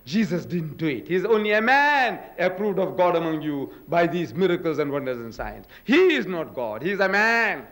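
A man's voice: sing-song, normal speed, few pauses, a bit bright. Dramatic older man lecturing. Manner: dramatic, booming quotes and rhetorical questions. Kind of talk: religious lecture. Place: lecture hall.

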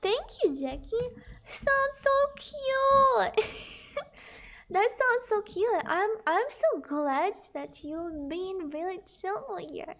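A woman's voice: very high-pitched, animated, slow. A young woman streaming a game, chatting casually, greeting viewers with giggles and reading out prices as she plays. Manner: bubbly, giggly, greets chat and reads numbers aloud. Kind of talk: casual live-stream chat while gaming.

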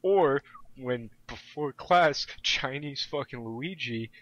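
Profane, animated young man, lo-fi sound. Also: mid-range voice, takes it slowly. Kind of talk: casual chat. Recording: dull lo-fi audio.

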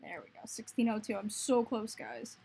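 A young woman talks casually through a video game with a high voice. She often slips into cooing baby talk at the creatures on screen, and a faint hiss sits under her voice. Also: steady tone, normal speed, gravelly. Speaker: gaming video host. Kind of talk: casual gameplay commentary.

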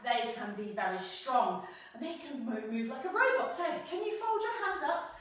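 A woman's voice: on the high side, animated, normal speed, fairly bright tone, recorded from a distance. Sing-song woman leading a kids' class. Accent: British English. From England. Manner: sing-song, encouraging, playful. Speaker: children's pilates instructor. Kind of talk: guided kids' movement class. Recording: echoey room, off-mic.

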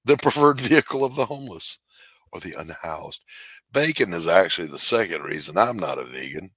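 Middle-aged male host, deep and punchy, joking banter, dead-dry home studio sound. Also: animated, fairly quick, fairly bright tone, slightly rough, dry recording. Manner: wisecracking, laughs and coughs through jokes. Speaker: podcast host. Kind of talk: casual comedic chat.

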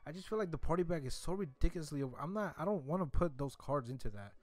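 A man's voice: fairly high pitch, animated, fast, dry recording. A young man giving rambling casual commentary while opening game card packs, repeating himself with mock-defensive asides. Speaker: gaming YouTuber.

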